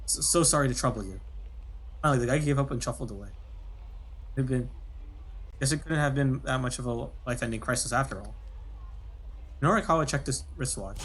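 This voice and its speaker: A man's voice: medium pitch, fairly quick, long pauses, fairly bright tone, husky. A man streaming himself reading a visual novel aloud, casual, stopping to comment and correct himself.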